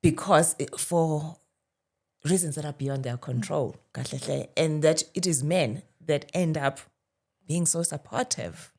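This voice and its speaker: A South African woman with a notably low voice hosts a podcast interview. She speaks with empathy and keeps affirming her guest as the guest talks. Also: measured pace, a little mellow. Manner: empathetic, frequent affirming murmurs. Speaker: host.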